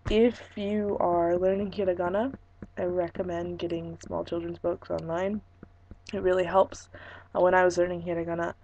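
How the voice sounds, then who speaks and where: A young woman chats through a casual vlog while her voice is nearly gone. She sounds hoarse and gravelly, with a low, mellow tone. She rambles and trails into frequent ums and restarts. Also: rough recording. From Fresno, California. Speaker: vlogger.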